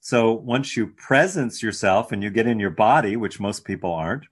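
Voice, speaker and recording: A man in conversation affirming his guest and then explaining ideas in a teacherly, animated way. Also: fairly low pitch, moderate pace, breathy edge. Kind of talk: casual conversation.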